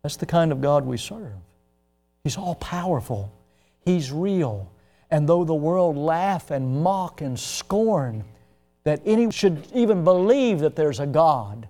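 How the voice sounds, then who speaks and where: A man in his sixties from the United States, a pastor preaching an impassioned sermon, moving from hushed to loud. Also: fairly high pitch, expressive, unhurried.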